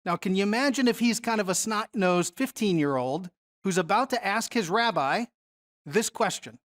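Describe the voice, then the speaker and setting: A Bible teacher leads a study lesson at a normal speed and a middle pitch, relaxed and conversational, frequently pausing to ask the listeners questions.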